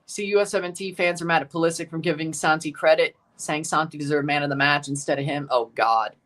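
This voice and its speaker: A man's voice: on the high side, fairly even intonation, fast, a bit bright. A man hosting a casual soccer watchalong livestream, rambling, chuckling and repeating himself as he reads out lineups and chats. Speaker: livestream host reading chat.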